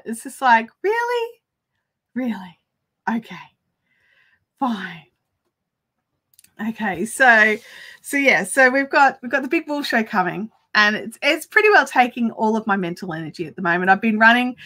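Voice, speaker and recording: Bright-voiced Australian woman streaming crafts. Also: a little high. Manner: chatty, rambling, quick to laugh. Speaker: crafting livestream host. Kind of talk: casual livestream chat.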